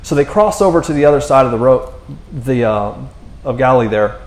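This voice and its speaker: A man's voice: mid-range voice, expressive, fairly quick. Guy pastor preaching casual, mid voice, roomy echo. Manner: casual, conversational, full of fillers like "man" and "you know". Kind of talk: sermon. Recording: echoey room.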